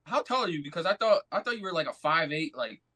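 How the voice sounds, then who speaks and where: A man's voice: fairly high pitch, big pitch swings, quick pace, a crowd in the background. A man as a podcast guest, joking and a bit hesitant, often saying bro. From USA. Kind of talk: casual sports chat.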